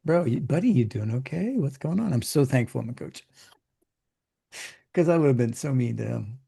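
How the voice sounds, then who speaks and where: A man's voice: mid-range voice, animated, creaky, warm tone, breathy edge. A middle-aged man coaching in casual conversation, chatty and explaining with homely examples. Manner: chatty, acts out clients in quick put-on voices.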